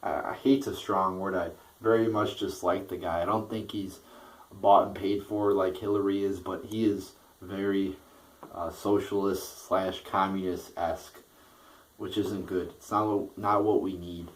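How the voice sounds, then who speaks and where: A man with a low, deep voice rants about politics, swearing freely and tripping over his own words as he pushes ahead. He sits a little back from the microphone, so his voice sounds slightly distant. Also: little pitch movement, measured pace. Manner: heated, profane, repeats and restarts words. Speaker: political vlogger. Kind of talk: ranting political commentary.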